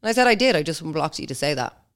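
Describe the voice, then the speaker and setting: A woman's voice: low-pitched, fast. Sweary woman telling a story. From Ireland. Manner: blunt, sweary, animated storytelling. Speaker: podcast host. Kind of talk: casual monologue.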